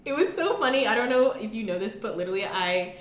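A woman's voice: a little high, expressive, quick pace. A young adult woman hosting a podcast in casual chat, chatty and full of "like", acting out what people said. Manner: chatty, heavy use of "like", acts out quotes. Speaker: podcast host. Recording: roomy echo.

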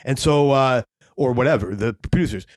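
A man's voice: mid-range voice, moderate pace, darkish tone. A man co-hosting a podcast, telling a long story in casual chat, rambling with lots of fillers and swearing. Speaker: podcast co-host.

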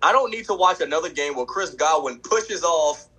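Husky guy ranting about football picks, bright voice, pitch jumps all over. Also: moderate pace, low-quality recording. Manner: animated, emphatic, trash-talking. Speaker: podcast co-host. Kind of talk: casual sports chat.

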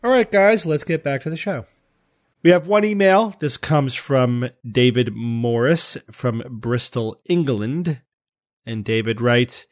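Male podcast host, mid pitch, methodical explainer, dry close mic. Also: takes it slowly, no echo. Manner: explanatory, methodical, frequent restarts. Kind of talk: casual science podcast discussion.

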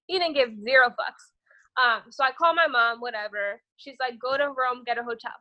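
A woman's voice: fairly high pitch, moderate pace, muffled recording, a little hiss or hum. A young woman guesting on a podcast, telling a long dating story in a casual, rambling way, cursing freely and tossing in "whatever". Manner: profane, rambling, says "whatever" a lot.

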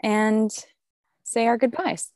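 A woman's voice: on the high side, slow pace, darkish tone, dry recording. A supportive woman co-host chats casually on a podcast and laughs along with her partner's story. Her voice sounds dry and close, with no room sound around it. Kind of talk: casual chat.

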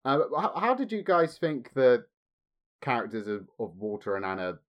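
This man hosts a casual film discussion podcast, thoughtfully posing questions to his co-hosts and offering his own views. His voice sits in the mid range, very animated, at a moderate pace.

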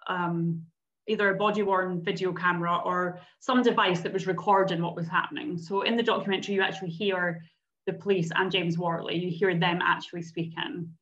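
A woman with a lowish voice, a podcast co-host, tells a true-crime story in casual chat. She narrates with animation and acts out the quotes, and the recording has a slightly dull lo-fi sound.

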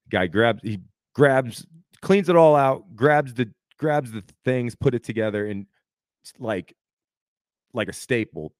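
A man's voice: mid-range voice, expressive, unhurried, pauses often, no echo, clean studio sound. A man in his thirties, a podcast co-host, telling a story in casual chat and acting out the quotes, saying "dude" a lot.

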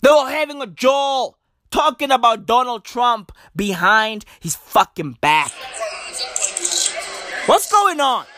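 A young man with delivering a profane, animated comedic rant full of mocking asides and put-on voices. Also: very high-pitched, unhurried, no echo. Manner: animated, profane slang-heavy ranting with mock impressions. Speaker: comedic commentator.

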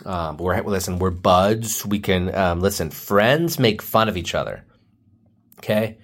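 Young man, very low voice, podcast host, rambling, full of ums, joking around. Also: moderate pace. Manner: rambling, filler-heavy, joking. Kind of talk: casual comedy podcast chat.

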